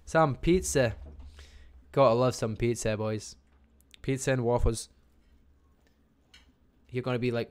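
A Scottish man casting a live online strategy game match, talking fast and chattily and barely stopping for breath. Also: medium pitch, a little mellow, clean tone. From Scotland. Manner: fast, chatty, talks without pausing. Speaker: game caster. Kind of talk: live esports commentary.

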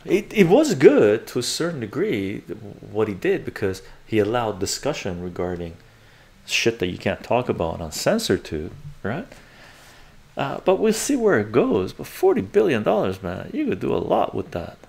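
Gravelly, ranting male streamer. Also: mid-range voice, wildly swooping pitch, moderate pace, darkish tone. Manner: profane, sarcastic, ranting. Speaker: livestream host reading viewer chat. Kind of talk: ranting livestream commentary.

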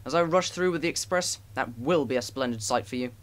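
A man's voice: medium pitch, fairly quick, close to an everyday voice. A man voicing a big, proud, boastful express engine in a storybook reading, grumbling and pompous.

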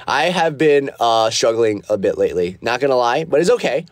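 A man's voice: medium pitch, lively intonation, fairly quick, no room sound. A man hosting a casual livestream, reading comments aloud and rambling with many fillers, from a small foam-lined practice room. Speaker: livestream host. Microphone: phone livestream.

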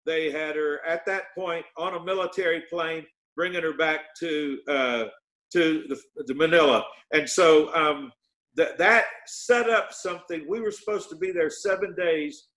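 Fairly high-voiced man telling a testimony. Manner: halting with many fillers, bursts of excited quoting. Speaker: guest minister. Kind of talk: storytelling testimony.

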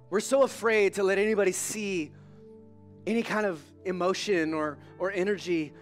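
A male pastor delivers a sermon in a high, lively voice, talking to the congregation like friends and slipping in jokes. His delivery is animated and conversational, and faint music sits underneath. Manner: animated, conversational, joking preacher. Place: church service.

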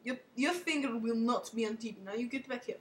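A woman hosting a homemade comedy show in a theatrical, bossy way, swinging between loud scolding and hushed asides. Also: on the high side, fast.

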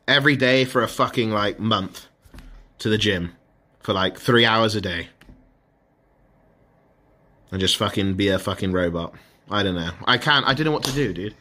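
A man with a bright, forceful voice vents in an exasperated live-stream rant, swearing freely as he talks to his chat. He speaks into a mobile phone held close, alone in his room. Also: lowish voice, moderate pace, pauses often. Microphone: mobile phone held to face.

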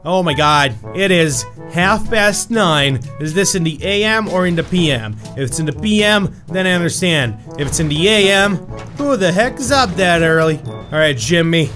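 A young man giving excited gameplay commentary, yelling at his character and then muttering to himself. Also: fairly high pitch, normal speed, faint music behind. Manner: loud, shouts at his game character; animated, swings from yelling to muttering. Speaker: gaming YouTuber.

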